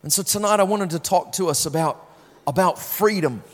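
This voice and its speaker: A man's voice: sits high, normal speed. Man preaching in a reverberant hall. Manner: emotional storytelling, swings from hushed to loud; repeats words when starting sentences. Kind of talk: sermon with personal testimony.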